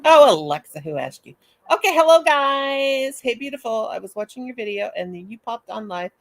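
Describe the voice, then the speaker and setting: A woman's voice: fairly high pitch, animated, normal speed. An older woman hosting a casual live stream, chatting, greeting viewers by name, and humming and singing to herself between remarks.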